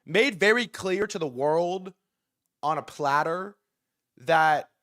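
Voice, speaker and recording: A young man hosting a livestream, ranting excitedly and profanely, jumping from loud bursts to quieter mumbled asides. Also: sits high, takes it slowly. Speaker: livestream host. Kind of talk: hyped livestream market rant.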